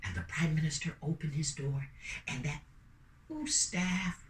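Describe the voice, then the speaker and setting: A woman telling a story in an animated, playful way, calling out to her listeners. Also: low voice, a little slow, distant mic, slight background noise. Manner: lively, playful, calls out to listeners. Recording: roomy sound from away from the mic.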